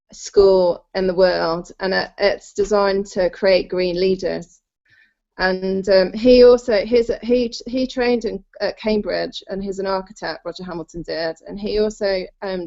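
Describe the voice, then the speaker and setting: A woman's voice: mid-range voice, darkish tone. Chatty woman guest on a call. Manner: chatty, explaining at length. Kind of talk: conference call interview. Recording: muffled call audio.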